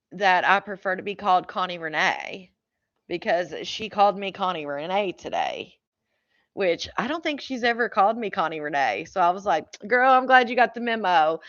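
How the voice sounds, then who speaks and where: A woman's voice: medium pitch, pushed and bright, highs cut off. A woman hosting a casual live stream, chatting and greeting viewers one by one by name.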